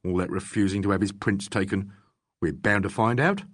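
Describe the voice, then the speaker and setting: A man reading an audiobook, voicing a steady, austere police sergeant with a plain-spoken manner. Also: lowish voice, normal speed, no echo, studio quality.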